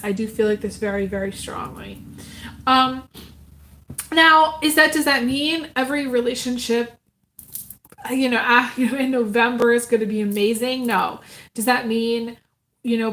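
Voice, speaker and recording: A woman's voice: a little high, a bit bright. A woman giving a casual live tarot reading, talking earnestly and from the heart, with many ums and restarts. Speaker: tarot reader.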